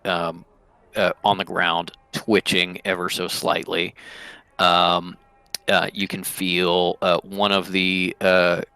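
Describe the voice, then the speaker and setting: A young man runs a tabletop game, describing scenes in a lowish voice that keeps stopping on ums and uhs. His delivery is halting but steady. The sound is dry and close to the mic. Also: vocal fry, no echo. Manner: hesitant, many ums and uhs. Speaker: game master.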